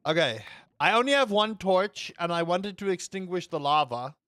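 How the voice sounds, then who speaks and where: A male gaming streamer talking to his chat in a loose, joking way, with the odd swear word thrown in. His voice sits on the higher side for a man. The sound is close and dry, with no room on it. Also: animated, normal speed, a bit bright, no echo. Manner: chatty, joking, swears freely. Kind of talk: casual game commentary.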